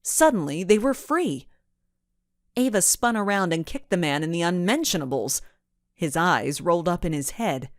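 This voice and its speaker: A woman narrating a children's storybook in an expressive, measured way. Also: lowish voice, no room sound, studio quality. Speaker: audiobook narrator.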